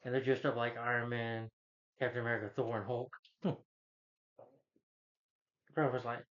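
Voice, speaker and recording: A man giving a casual, rambling movie review, retelling the plot with many fillers and putting on higher voices for the characters. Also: flat delivery, moderate pace, pauses often, fairly bright tone, dull audio. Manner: loose, filler-heavy retelling that jumps up in pitch for quoted characters.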